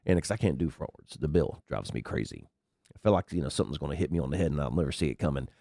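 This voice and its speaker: Talking very fast with lively intonation, a podcast host sick with a cold sounds creaky, dark and unusually deep, sniffling as he rambles through a casual commentary monologue. He swears freely into a headset mic, and the studio-quality audio has no room sound.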